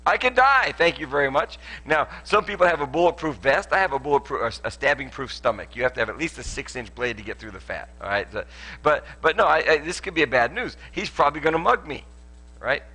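Speaking fast in a sharp, somewhat high voice, a pastor gives a playful, demonstration-filled sermon in a church auditorium. Lots of laughter, jokes, and restarts fill it, all on a low-quality recording.

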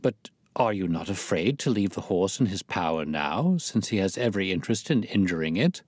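A man's voice: low voice, animated, a little fast, darkish tone, dry recording. A man reading the part of a loyal, earnest male companion who questions plainly.

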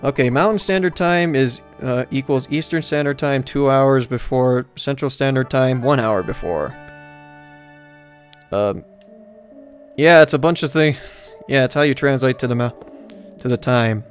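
A man's voice: medium pitch, measured pace, long pauses, soft background music. A man giving casual, joking live commentary while streaming a game, rambling and swearing now and then. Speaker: let's-play streamer.

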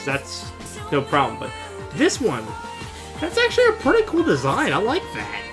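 Excitable, swearing man reacting to a video. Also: fairly high pitch, normal speed, over music. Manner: excitable, exclaims and swears often; openly emotional, chatty. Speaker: reaction channel host. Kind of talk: casual video reaction commentary.

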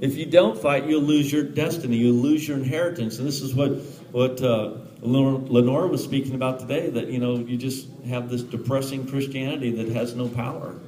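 A man preaching a lively, joking sermon at a church conference, laughing often and building to shouted prayer. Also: mid-range voice, a little fast. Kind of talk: live charismatic sermon. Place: large church conference hall. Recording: live hall with audible congregation. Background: congregation calling out amens.

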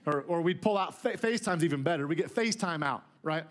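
Speaking fast and barely pausing, this pastor has a slightly high, animated voice. He preaches an emphatic, conversational sermon to his church in the sanctuary, repeating words at the start of phrases.

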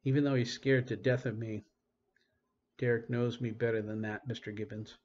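A man reading an audiobook, voicing a calm, gentle young man with strange powers who speaks quietly and reassuringly. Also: medium pitch, moderate pace, highs cut off, close to an everyday voice.

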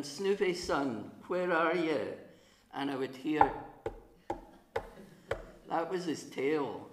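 A middle-aged minister with a chesty, coughing voice, telling a story to children in a church service. He speaks at an ordinary pitch, gently and with pauses. The sound carries around a roomy church. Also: background noise.

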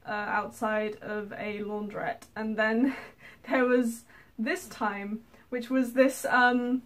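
A woman from England, telling stories in a casual vlog, rambling with many fillers and frequent laughter. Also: fairly high pitch. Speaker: vlogger. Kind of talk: casual storytelling to camera.

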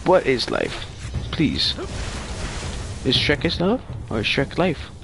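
A man's voice: on the high side, wildly swooping pitch, takes it slowly, creaky. A man gaming and talking through it, cursing and trash-talking with a voice that swings up and down wildly. Game noise churns behind him in the capture. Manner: profane, frustrated ranting and taunting. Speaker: gamer playing online. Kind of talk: live gameplay commentary. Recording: noisy gameplay capture.

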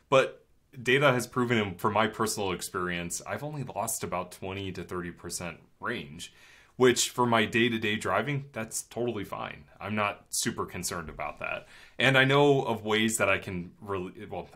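Man, podcast co-host, very deep voice, bright and forceful, easygoing. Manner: easygoing, agreeable, quick to laugh. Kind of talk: casual chat.

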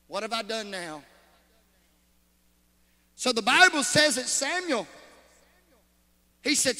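A preacher with a high, bright, ringing voice, working the congregation with shouted lines and sudden hushed asides. His sermon carries a long reverb through a large church hall. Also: very animated, slow, long pauses. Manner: calls out to the congregation.

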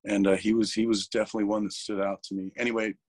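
A lower-pitched man in a candid interview, with an emotional, rough-edged way of speaking. He swears freely and often stumbles over his words. The sound is dry and close. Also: flat delivery, racing, a little mellow, dry recording. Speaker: interview guest, metal vocalist.

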